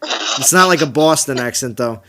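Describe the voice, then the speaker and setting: A man's voice: mid-range voice, expressive, normal speed, sharp tone. A man hosting a game stream, chatting casually and reading out viewer comments in an upbeat, repetitive way. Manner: upbeat, reads out chat and repeats himself. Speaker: stream host. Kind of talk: casual chat while gaming.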